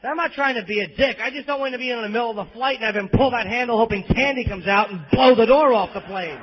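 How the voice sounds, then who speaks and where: On a muffled audience bootleg, a stand-up comedian from New York tears through crude, self-mocking material at a club. His voice is very high and a bit rough, and he moves at a quick clip.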